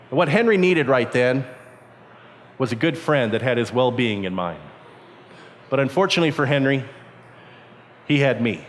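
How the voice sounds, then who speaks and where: A man telling a lively childhood story to a youth camp, often jumping into high squeaky voices to play the kids he quotes. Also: a little hiss or hum. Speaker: camp speaker. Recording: reverberant hall.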